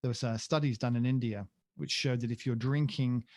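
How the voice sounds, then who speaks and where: A man's voice: medium pitch, fairly even intonation, brisk, a little mellow, no room sound. A man co-hosting a podcast in casual chat, rambling and joking at his own expense. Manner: rambling, jokey, self-deprecating. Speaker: podcast co-host.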